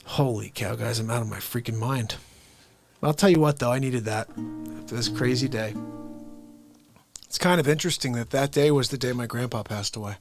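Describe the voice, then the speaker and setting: A man hosting a live show in casual chat, rambling and soft-spoken. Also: medium pitch, normal speed, long pauses, faint music behind.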